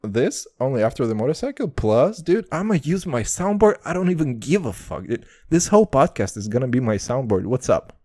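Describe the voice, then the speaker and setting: A young man rants through his podcast monologue, swearing freely and poking fun at himself. His pitch leaps up and down all the time. The mic is close and dry, with no room sound at all. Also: very animated, brisk, few pauses, warm tone, dry recording. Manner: profane, brash, self-mocking, calls listeners boys. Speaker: podcast host. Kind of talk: casual comedic monologue.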